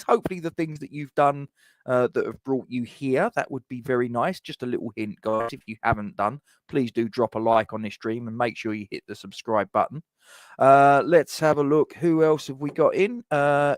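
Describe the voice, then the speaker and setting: A man's voice: mid-range voice, dry recording. A man hosting a fan live stream, chatting casually in rambling sentences with frequent restarts and asides. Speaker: fan channel host.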